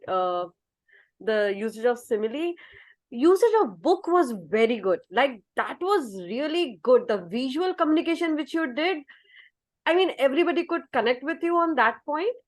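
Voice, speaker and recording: A young woman from India evaluating a speech at an online club meeting, hesitant but positive. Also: on the high side. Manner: hesitant, many "uh" fillers, positive.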